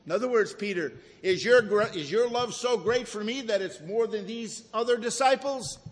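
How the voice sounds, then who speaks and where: A man preaching a sermon with slow, emphatic delivery that often sinks to a hush for effect. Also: high-pitched, in a large hall.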